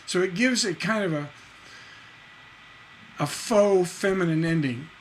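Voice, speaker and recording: Over a faint hiss or hum, a man whose voice sits high walks through lyric stresses in an unhurried live-streamed songwriting class. He hums and sings lines, taps da-da rhythms to demonstrate, checks in with "right?" and casually responds to chat.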